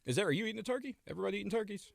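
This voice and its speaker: A man's voice: sits high, expressive, rapid-fire, vocal fry, dry recording. A man in his thirties chatting casually as a radio guest, rambling and joking, often trailing off mid-sentence. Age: 30s. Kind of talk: casual chat.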